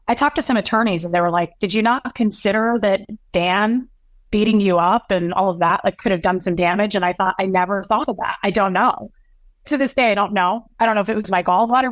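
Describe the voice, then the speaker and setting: A woman speaks as an interview guest, telling a painful story at length. Her talk is halting and emotional, with restarts. Her voice sits at a medium pitch and the sound is close and dry. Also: no room sound. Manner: emotional, long-winded, halting recounting.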